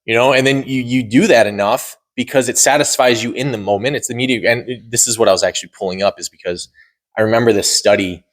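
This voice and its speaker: A man co-hosting a casual podcast, his voice sitting at an ordinary middle pitch. He rambles, restarts his sentences and keeps checking in with his co-host. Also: quick pace. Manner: rambling, repeats words and says "right?" often. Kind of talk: casual chat.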